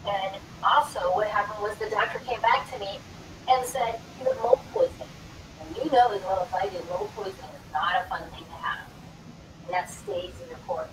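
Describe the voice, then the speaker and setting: A woman's voice: mid-range voice, expressive, normal speed, reverberant. A middle-aged woman, a guest on a talk show, telling her personal story dramatically and acting out the dialogue. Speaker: guest, wellness coach. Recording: distant mic, clear background noise.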